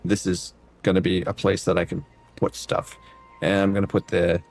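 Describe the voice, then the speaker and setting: A man's voice: low voice, level tone, normal speed, a little mellow, soft background music. A man streaming a building game, chatting casually and talking to viewers by name as he plays. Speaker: variety streamer. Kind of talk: casual gameplay commentary.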